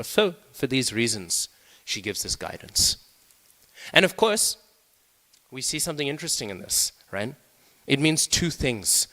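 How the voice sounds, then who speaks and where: His medium-pitched voice is bright and forceful, with lively intonation and a moderate pace, as he leads a scripture class in a temple hall. He keeps it conversational and often checks in with the listeners, while the hall's long reverb lingers.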